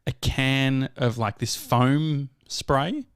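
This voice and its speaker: An Australian man co-hosting a casual podcast, wandering through his stories and restarting his sentences as he goes. His voice sits at an ordinary middle pitch, and the sound is dry and close on the mic. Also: drawn-out words, clear, resonant tone, dry recording. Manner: rambling, self-correcting storyteller. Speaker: podcast co-host. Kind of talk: casual chat.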